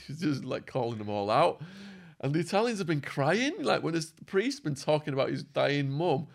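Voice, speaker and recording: A man guest in an interview, telling stories animatedly and acting out quotes, his voice going hoarse. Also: medium pitch, expressive, moderate pace. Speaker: podcast guest. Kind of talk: storytelling in an interview.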